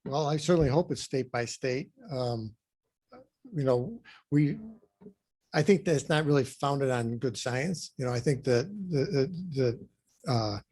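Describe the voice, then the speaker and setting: A man answering interview questions as a guest, speaking haltingly with many pauses and restarts. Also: mid-range voice, darkish tone, slightly rough. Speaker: guest, amusement park president.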